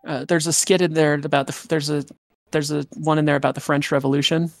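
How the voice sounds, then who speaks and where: A man's voice: on the high side, level tone, quick pace, no room sound. A man chatting casually on a game stream, rambling and jokey, retelling movie skits.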